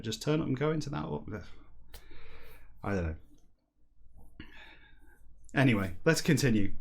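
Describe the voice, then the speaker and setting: A man hosting a comedy stream, rambling wryly between stretches of reading a book backwards aloud. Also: medium pitch. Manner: chatty, rambling and wry, breaking into silly slow-read dialogue. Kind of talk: livestreamed comedic reading and chat.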